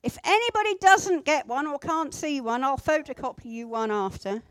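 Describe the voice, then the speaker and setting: A woman teaching a group how to pray, gentle and instructive, with pauses. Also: high-pitched, dry recording. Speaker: church group leader. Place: indoor room with a group at tables.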